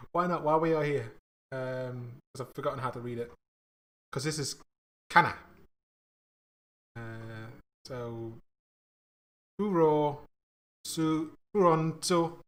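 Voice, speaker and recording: A man streaming himself coding, thinking aloud in a casual, halting way, often trailing off and laughing at his own mistakes. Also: mid-range voice, fairly bright tone. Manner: slow, halting, self-mocking, laughs at himself.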